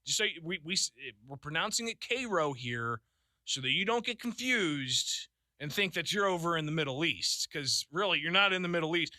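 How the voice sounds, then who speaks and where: Lively, bright-voiced radio host man. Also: fairly high pitch, moderate pace, no echo, clean studio sound. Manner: chatty, laughing, lots of fillers. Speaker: radio talk show host. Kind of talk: call-in radio talk. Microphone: studio microphone.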